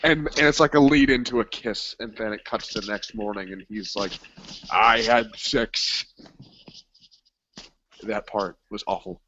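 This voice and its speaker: A man in casual movie chat, crude and joking, acting out scenes in quick voices. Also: on the low side, fairly even intonation, fairly bright tone, no room sound. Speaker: co-host. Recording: dull lo-fi recording.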